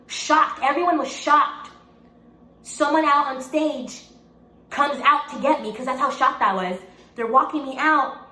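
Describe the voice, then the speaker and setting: Animated bright-voiced young woman storyteller. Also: high-pitched. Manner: animated storytelling, rising into exclaims, repeats phrases. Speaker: vlogger. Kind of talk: storytime testimony. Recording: echoey room, faint background hum.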